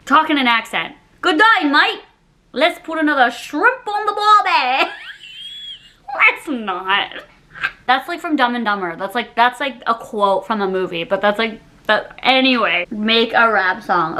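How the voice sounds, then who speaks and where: A woman's voice: on the high side, animated, measured pace, sharp tone. A young woman doing a casual dare-challenge vlog, giggly and exclamatory, laughing often. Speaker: YouTuber.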